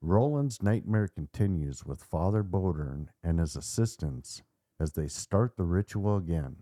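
A man hosting a podcast, narrating a dark story with theatrical suspense and casual asides. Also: sits low, lively intonation, a little slow, no echo, clean studio sound. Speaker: podcast host.

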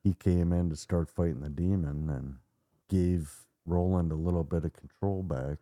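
A man hosting a podcast, retelling a story in a measured, dramatic way. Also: low voice, steady tone, dark tone, no room sound, studio quality. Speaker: podcast host.

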